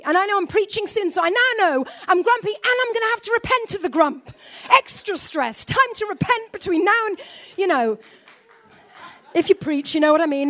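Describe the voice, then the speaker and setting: A woman preaching a sermon, telling a story with lively delivery and quiet low asides.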